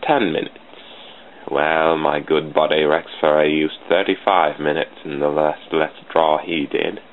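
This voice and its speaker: A man giving casual commentary while he draws sprites, in a put-on deep, mock-formal voice. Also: flat delivery, measured pace. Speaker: channel host drawing sprites. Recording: tinny phone-like lo-fi with faint hiss.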